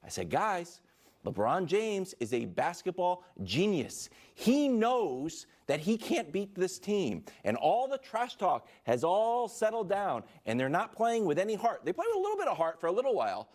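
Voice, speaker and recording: A man's voice: sits high, wildly swooping pitch, moderate pace, darkish tone. A man co-hosting a sports talk show who gloats playfully and boisterously about a prediction. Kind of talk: studio sports debate.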